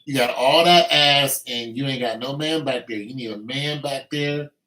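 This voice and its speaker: A man's voice: mid-range voice, moderate pace, sharp tone. Blunt, preachy man in an echoey room. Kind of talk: casual rant with improvised singing.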